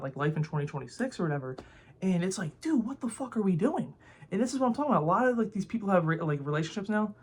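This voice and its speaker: Fast-talking young man ranting to camera. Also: fairly high pitch. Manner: rambling and heated, with constant filler words and swearing. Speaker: vlogger. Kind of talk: casual opinion rant to camera.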